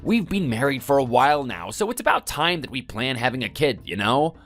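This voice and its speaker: A text-to-speech voice voicing a whiny, lazy young husband who blusters and then pleads in a text-message story. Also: male voice, medium pitch, very animated, fairly quick, a bit bright, soft background music. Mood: pleading. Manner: whining, blustering.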